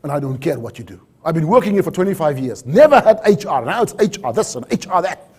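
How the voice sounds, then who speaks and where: Guy playing a raging old mine boss, yelling high and husky. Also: big pitch swings, quick pace. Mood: gruff. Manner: shouting, barking orders. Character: irate old male mine manager, hot-tempered.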